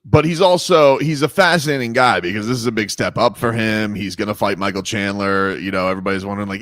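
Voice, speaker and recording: A man's voice: medium pitch, fast talker, hardly any pauses, fairly bright tone, dry recording. A man hosting sports talk radio, joking around in a casual, rambling way. His voice sits in the middle range and is picked up close in a dead-dry studio. He fills his talk with "like" and "you know". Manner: loose, joking, lots of fillers.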